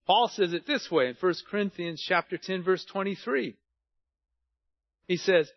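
A man's voice: high voice, unhurried, no echo, lo-fi sound. A middle-aged male pastor preaching a sermon in a conversational way, with personal stories and self-deprecating humor.

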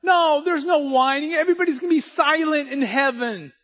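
A pastor in his sixties delivers a sermon in a high, light male voice, talking earnestly in plain, folksy phrases. The sound is dull and lo-fi, with the top end muffled. He speaks to his congregation directly. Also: fairly quick. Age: 60s.

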